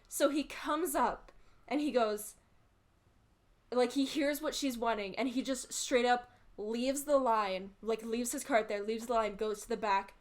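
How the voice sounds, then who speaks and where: A woman hosting, casually telling a long anecdote with fillers and frequent laughs while playing a game. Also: a little high. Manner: animated, laughs often, fillers. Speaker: host. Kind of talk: casual storytelling while gaming.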